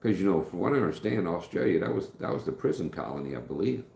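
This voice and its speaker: Very animated and quick, a middle-aged American man speaks with a low, creaky, dark voice during a live stream recorded in an echoey room. He rambles through stories in casual chat, performing the quoted dialogue.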